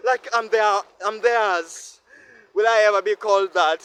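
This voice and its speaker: Man vlogging outdoors, very high voice, emphatic repeated questions, faint street noise. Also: steady tone, moderate pace, fairly bright tone. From Uganda. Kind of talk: impassioned self-talk monologue.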